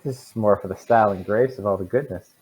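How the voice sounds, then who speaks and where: A man running a tabletop game as dungeon master, relaxed and hesitant with fillers, over a voice call. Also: lowish voice, quick pace, slightly rough, poor audio.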